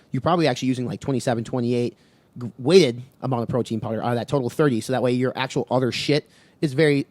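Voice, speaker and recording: A man's voice: mid-range voice, darkish tone, dry recording. A man co-hosting a podcast, casually summing things up in plain terms. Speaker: podcast co-host.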